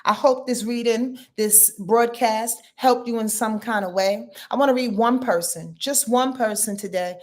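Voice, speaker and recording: A woman's voice: on the high side, moderate pace, hardly any pauses. Sleepy, chatty woman in her fifties. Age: 50s. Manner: chatty, slangy, addresses viewers directly. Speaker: astrology livestream host. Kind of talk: casual livestream reading. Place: lying in her bed at home.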